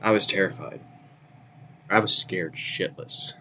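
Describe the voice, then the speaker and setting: A man's voice: low voice, unhurried, sharp tone, a little hiss or hum. A man rambling casually through news and geek topics, loose and profane, with frequent restarts. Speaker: vlogger.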